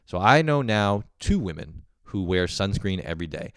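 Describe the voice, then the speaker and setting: Young male podcast host, low and smooth, dry close sound, profane self-mocking rants. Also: very animated, normal speed, no echo. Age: young adult. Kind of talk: casual comedic monologue.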